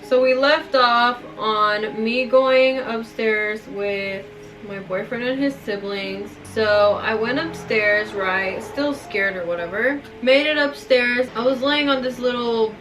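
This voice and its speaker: A woman's voice: a little high, slow, hardly any pauses. A young woman casually telling a scary story while doing her nails, with lots of "like" fillers. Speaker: storytime vlogger. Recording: distant mic with music bed.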